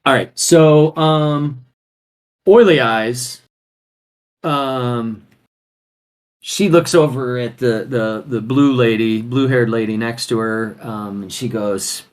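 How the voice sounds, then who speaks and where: Halting male game master, mid pitch. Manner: halting, with many "um"s and restarts while narrating. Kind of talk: running a tabletop game on a live stream.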